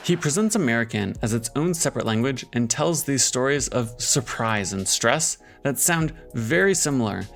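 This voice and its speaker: A man giving a measured, analytical scripted narration for a video essay. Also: mid-range voice, lively intonation, vocal fry, fairly bright tone.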